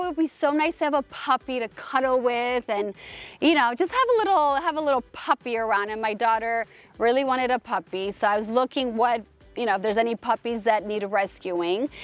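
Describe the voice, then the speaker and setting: A woman host telling a personal story in a casual, rambling way, emphatic and gushing, with many restarts. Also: a little high. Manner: rambling, full of restarts and fillers.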